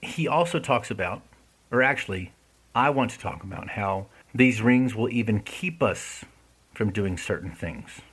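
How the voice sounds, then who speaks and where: A man's voice: fairly low pitch, animated, measured pace, a bit bright, breathy edge. A man speaking in an earnest, conversational way, often checking in with his listeners. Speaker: speaker discussing an essay. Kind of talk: casual reflective talk.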